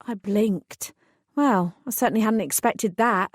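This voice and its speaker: A woman's voice: mid-range voice, unhurried, slightly rough, no room sound. A woman narrating a first-person fantasy audiobook in a dry, composed way.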